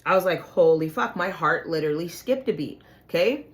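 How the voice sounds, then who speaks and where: Woman with a slightly low voice, swears a lot, tells a lively story straight to her listeners. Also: a little fast. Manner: profane, animated, addresses listeners as "you guys". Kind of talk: casual personal storytelling.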